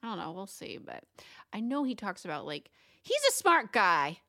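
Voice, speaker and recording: A woman co-hosting a book podcast, retelling chapters in a casual, animated way and laughing often. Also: medium pitch, normal speed, no echo, clean studio sound.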